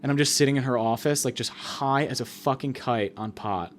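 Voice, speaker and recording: A man hosting a podcast, rambling through a crude comedic monologue full of fillers and deadpan exaggeration. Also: medium pitch, brisk, slight background noise. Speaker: podcast host.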